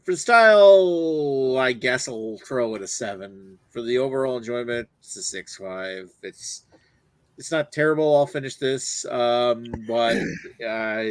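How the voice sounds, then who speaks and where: A man giving a casual, hesitant beer review, full of fillers and restarts. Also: on the low side.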